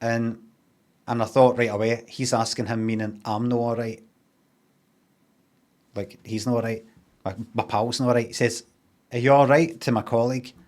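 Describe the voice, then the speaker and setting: A man's voice: medium pitch, level tone, normal speed, long pauses, a little mellow. A Glaswegian man casually telling a rambling, sweary story, acting out what people said in changed voices. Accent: Glaswegian Scottish. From Scotland.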